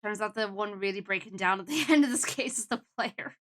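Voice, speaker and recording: A woman's voice: mid-range voice, brisk, fairly bright tone. A young adult woman streaming a game, chatting in a casual, emotional, reflective way.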